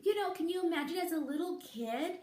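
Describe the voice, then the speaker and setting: A woman in her fifties, a beauty vlogger, spins casual stories to camera in a giggly, chatty, animated manner. Her pitch is extremely high, her pace fairly quick, and the sound roomy.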